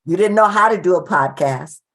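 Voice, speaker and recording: Woman host, lower voice, asks guest stuff and talks to the ladies listening. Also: expressive, a little fast, fairly bright tone. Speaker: podcast host. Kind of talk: interview questions.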